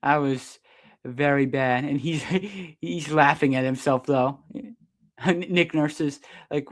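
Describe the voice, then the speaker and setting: A man doing live fan play-by-play of a basketball game, partisan and quick to protest the referees' calls. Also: on the high side. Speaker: sports streamer doing play-by-play.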